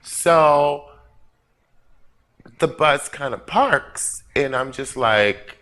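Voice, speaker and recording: A man's voice: medium pitch, extremely slow, long pauses, a bit bright. A man hosting a drag talk show, telling a comic story in a theatrical way with laughing asides.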